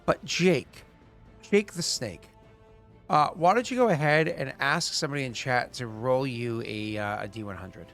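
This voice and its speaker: A man's voice: mid-range voice, moderate pace, a bit bright, faint music behind. A man running a tabletop game as game master, rambling with lots of fillers.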